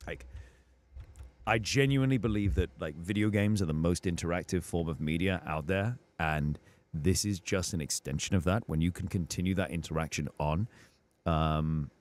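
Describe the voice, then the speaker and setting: A man's voice: low voice, moderate pace. A British man, a voice actor guest, talking earnestly and casually on a livestream. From Britain. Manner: earnest, animated, drifting into character voices. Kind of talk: casual chat. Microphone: studio condenser.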